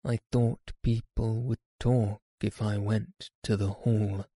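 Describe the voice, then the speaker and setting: A man's voice: lowish voice, little pitch movement, slow, warm tone, dry recording. A man reading as a weary, dying old man. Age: older. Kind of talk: audiobook reading.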